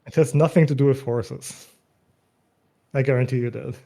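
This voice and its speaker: Brief: male guest, dark mellow voice, easygoing explainer. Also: medium pitch, normal speed, creaky. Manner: relaxed, explanatory, laughs often. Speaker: mod developer, guest. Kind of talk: casual interview.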